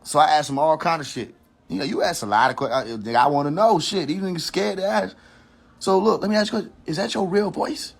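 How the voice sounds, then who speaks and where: A man's voice: a little high, quick pace, gravelly. A man hosting his own livestream, ranting in a heated, preachy and profane way, repeating his warnings and restarting his sentences as he thinks aloud. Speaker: livestream host. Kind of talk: casual rant on a social media livestream.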